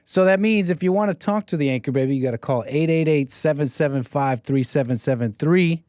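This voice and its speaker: A man hosting a call-in livestream show, rambling brashly and tossing out catchphrases in a slightly high voice. He is close to the mic in a dry room with no echo. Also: brisk, a little mellow. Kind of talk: casual livestream monologue.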